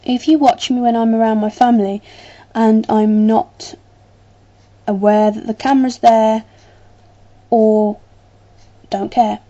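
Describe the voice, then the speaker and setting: A woman's voice: on the high side, level tone, takes it slowly, dark tone, highs cut off. A woman with a British English accent chatting casually to camera as a vlogger, rambling a little with plenty of ums.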